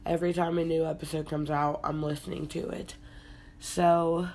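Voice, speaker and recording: A young woman hosting a casual solo podcast, congested and hoarse from being sick, talking in a low-energy, laid-back way. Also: little pitch movement, normal speed, a little mellow. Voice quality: hoarse, husky from illness. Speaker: podcast host.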